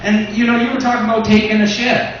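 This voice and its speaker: A man's voice: high voice, level tone, fast, fairly bright tone, heavy reverb. Stand-up guy rambling with lots of "you know", far off mic, dull muffled sound, room noise. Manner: says "you know" a lot. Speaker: stand-up comedian. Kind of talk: stand-up routine. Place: small comedy club.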